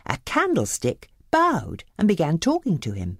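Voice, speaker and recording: A woman reading a children's storybook aloud with expressive delivery, faint music behind. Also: deep voice, unhurried. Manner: expressive, animated.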